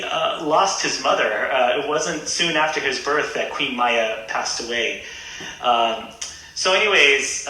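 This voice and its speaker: Man, Buddhist reverend guest, retells an old story with loose, halting delivery; very bright tone, very echoey room. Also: mid-range voice. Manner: hesitant, many fillers and restarts. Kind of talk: casual storytelling.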